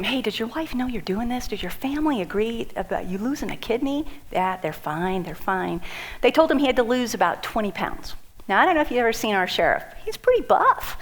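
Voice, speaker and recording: A woman's voice: medium pitch, poor audio. A middle-aged woman giving a heartfelt speech about her own story to an audience, acting out what friends said to her. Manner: emotional, heartfelt, animated quoting of others. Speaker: speaker at a community event.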